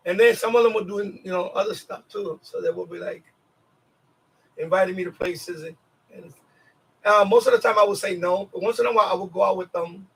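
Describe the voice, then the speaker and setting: High-voiced New York man, husky and distant. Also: brisk. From New York City. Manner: rambling, laughs often, many restarts. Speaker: live-stream host. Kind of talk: casual storytelling chat.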